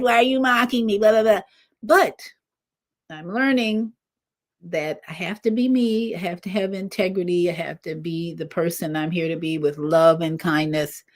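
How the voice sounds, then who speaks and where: An older woman hosting a casual spiritual livestream, rambling with animated asides. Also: on the low side. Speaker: livestream host.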